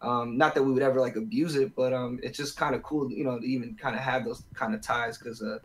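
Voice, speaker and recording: A man's voice: mid-range voice, steady tone, fast talker, rough recording. Man, 30s, podcast guest, laid-back, rambling with fillers. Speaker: guest musician. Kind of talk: casual podcast chat.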